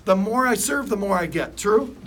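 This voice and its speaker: A man's voice: sits high, lively intonation, normal speed, fairly bright tone, distant mic, slight background noise. A man coaching a room of car salespeople, speaking in punchy lines and getting the crowd to answer back. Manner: punchy, rallies audience into call-and-response. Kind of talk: motivational sales talk. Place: dealership meeting room.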